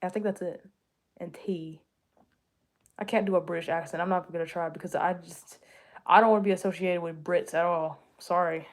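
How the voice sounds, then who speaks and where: A woman's voice: fairly low pitch, steady tone, normal speed. A young woman from the United States chatting casually with viewers, rambling and correcting herself, with frequent jokes. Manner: rambling, self-correcting, jokey, with laughs. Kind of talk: casual chat answering viewers.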